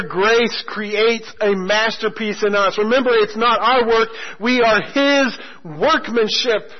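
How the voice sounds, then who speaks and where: A man preaching a sermon as a pastor, telling stories with humor and slowing down hard on key phrases. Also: high voice. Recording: muffled lo-fi sermon recording.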